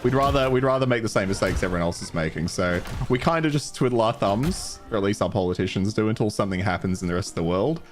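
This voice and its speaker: A man's voice: on the low side, fast talker, hardly any pauses, faint music behind. A man with a mild Australian accent streaming a video game, chatting casually, thinking aloud and laughing easily. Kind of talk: casual live-stream commentary.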